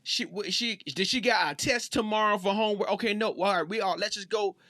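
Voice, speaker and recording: A man's voice: high-pitched, a little fast, bright, forceful tone, no room sound, studio quality. A man in his thirties hosting a podcast, ranting in a casual, slangy way and repeating himself for emphasis. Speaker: podcast host. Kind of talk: casual sports rant.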